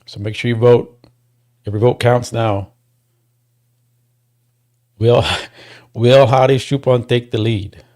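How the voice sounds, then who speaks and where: Male streamer, mid-pitched voice, casual rambling chat with restarts, flares up loud when griping. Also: steady tone, takes it slowly, pauses often. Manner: gets worked up and loud when complaining. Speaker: livestream host.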